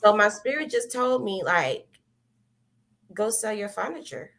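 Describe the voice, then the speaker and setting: A woman giving a testimony, telling her story in a lively way, acting out her own past words and laughing often. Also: medium pitch, unhurried, gravelly. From American South. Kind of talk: animated personal storytelling.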